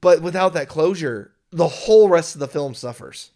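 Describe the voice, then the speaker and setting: A young man co-hosting a casual film review chat, excitable and acting out imagined lines of dialogue. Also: a little high, normal speed. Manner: excitable, acts out imagined dialogue, many restarts. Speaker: podcast co-host.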